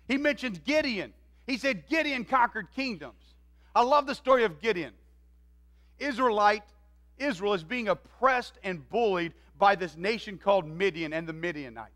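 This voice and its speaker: Pastor, male, high and bright voice, animated sermon storytelling. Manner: animated, acts out quoted voices. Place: church.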